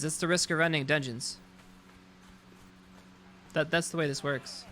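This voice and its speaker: A man's voice: on the high side, steady tone, unhurried, a bit bright, a little hiss or hum. A man streaming a roleplay game, ranting in exasperation and swearing often. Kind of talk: casual game chat.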